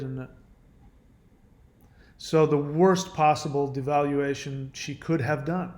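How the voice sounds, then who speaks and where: A man, a caller, telling an emotional personal story in a halting, earnest way with many restarts. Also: fairly high pitch, fairly even intonation, a little mellow.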